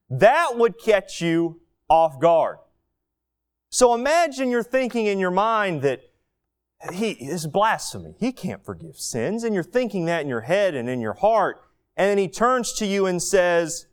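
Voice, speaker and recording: Male preacher, fairly high voice, very animated delivery, storytelling sermon style. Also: unhurried, clear, resonant tone. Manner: vivid storytelling, acting out inner thoughts. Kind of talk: expository sermon.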